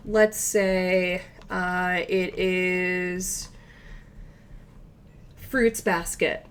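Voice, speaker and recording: The teacher of this recorded language lesson is a woman with a medium-pitched voice. She goes through each point patiently in steps and slows down to say the example phrases.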